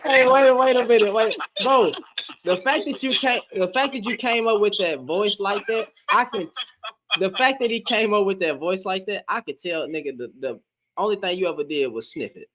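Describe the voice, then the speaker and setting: A man co-hosting a heated casual debate, loud and mocking, who laughs often. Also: high-pitched, normal speed.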